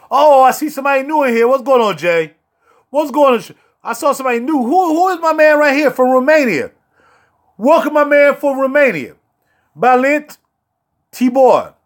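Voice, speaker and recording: A man hosting a casual livestream, joking and talking in slangy street talk with playful outbursts. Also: high-pitched. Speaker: fragrance reviewer and livestream host.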